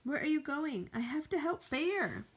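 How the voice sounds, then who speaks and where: Expressive high-voiced woman teacher reading aloud. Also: a little slow. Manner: expressive read-aloud, voicing sound effects. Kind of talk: reading a graphic novel aloud.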